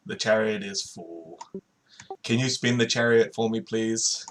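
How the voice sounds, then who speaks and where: A man playing a tabletop game with friends, relaxed and casually swearing as he describes his character's actions. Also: fairly low pitch, unhurried, slight background noise. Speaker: player. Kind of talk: tabletop game play over voice chat.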